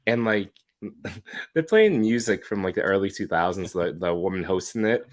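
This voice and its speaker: A man's voice: low voice, animated, moderate pace. A middle-aged man in casual podcast chat, easygoing and wry.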